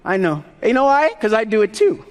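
A man from Puerto Rico with a very high voice preaches a sermon, loud and emphatic. He keeps calling out to the congregation for answers. His voice rings through a large hall with a long reverb. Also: big pitch swings, brisk.

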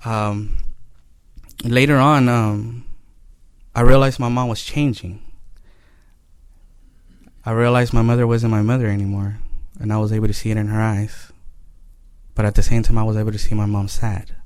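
A man with a fairly low voice shares a personal testimony, earnest and unhurried. He talks haltingly, leaning on pauses and fillers as he gathers his thoughts. The recording is dry and close, with no room sound. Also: level tone, smooth, no echo. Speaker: storyteller sharing his life story.

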